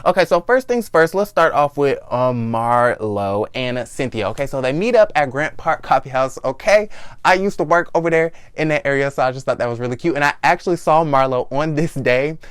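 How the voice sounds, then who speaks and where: A man's voice: medium pitch, expressive, brisk, clean tone, no echo. A young man hosting his own vlog, recapping a reality TV show in a sassy, blunt, profane chat. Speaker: vlog host.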